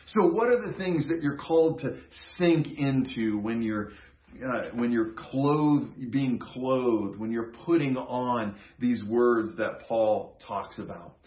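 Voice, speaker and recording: A man preaching a sermon in a conversational, playful teaching manner, getting the congregation to repeat words with him. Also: fairly low pitch. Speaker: pastor. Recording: roomy, dull sound.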